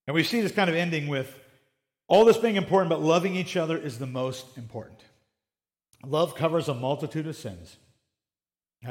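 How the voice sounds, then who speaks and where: A middle-aged man preaching a sermon in a conversational way, acting out little everyday dialogues. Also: a little high. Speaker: pastor.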